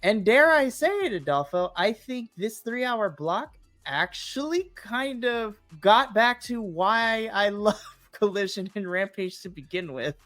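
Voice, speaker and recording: A man's voice: high-pitched, animated, unhurried, pushed and bright, no room sound, faint music behind. Casting: young male podcast co-host, playful and theatrical, dead dry sound. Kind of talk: late-night podcast chat.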